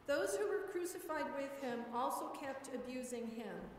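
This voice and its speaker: A woman lector reading scripture at Mass in a measured, steady proclaiming manner. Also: sits high, slight background noise. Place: large church. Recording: echoey church from far off.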